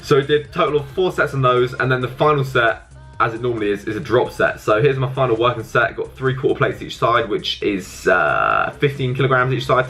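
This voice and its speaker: A man's voice: mid-range voice, bright, forceful tone. A young man casually explaining his arm workout in a gym, coaching and swearing freely. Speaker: fitness vlogger.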